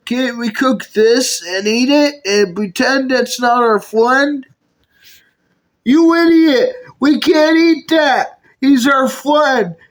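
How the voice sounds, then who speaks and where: A puppet video maker performing every character in a comedy skit, switching between bickering character voices. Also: mid-range voice.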